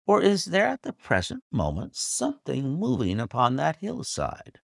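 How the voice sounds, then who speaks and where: A man voicing a pompous, irascible old squire who talks in an indignant, excitable, declamatory way in a storybook reading. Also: a little high, normal speed, gravelly, no echo, studio quality, pitched above the performer's own voice, heavily acted. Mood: excited.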